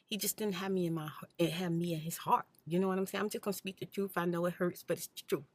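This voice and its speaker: A woman hosting an ASMR channel, telling her personal story in a soft-spoken, candid, blunt way and sometimes dropping to a whisper. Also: lowish voice, steady tone, fast talker, no echo.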